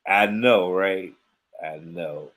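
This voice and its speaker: A man's voice: low voice, very slow, a bit bright. A man telling a long story in casual chat, acting out quoted dialogue and laughing often. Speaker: podcast co-host.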